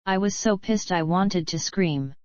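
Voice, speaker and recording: A woman's voice: fairly low pitch, unhurried, no echo. A woman reading her own audiobook in a blunt, profane, rambling first-person style, on a slightly dull lo-fi recording. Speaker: audiobook reader and author.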